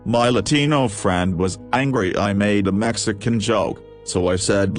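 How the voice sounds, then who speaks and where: A man reading a list of jokes aloud, with a steady question-and-punchline delivery. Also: fairly low pitch, measured pace, faint music behind. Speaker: joke reader.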